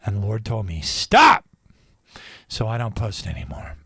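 A man's voice: fairly low pitch, expressive, fast talker, creaky, a little mellow, breathy edge, no echo, studio quality. A man hosting a radio show, talking in a rambling, digressive casual monologue.

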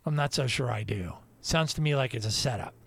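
A man's voice: medium pitch, lively intonation, fairly quick, creaky, fairly bright tone, husky, no echo. A male host giving casual Christian talk radio commentary, chuckling often, with preachy asides and trailing restarts.

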